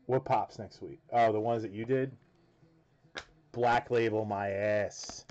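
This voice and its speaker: A man's voice: on the low side, fairly even intonation, takes it slowly, darkish tone. A man hosting a card break, chatting casually in a rambling, joking way and swearing freely. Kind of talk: casual chat while opening cards. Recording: dull lo-fi with faint noise.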